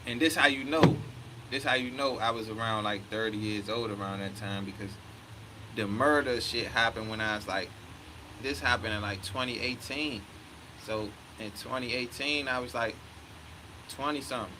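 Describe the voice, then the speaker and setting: A man's voice: mid-range voice, moderate pace, noisy background. A man in his thirties telling a story in a heated, profane way, often quoting himself. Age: 30s. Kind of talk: casual storytelling rant.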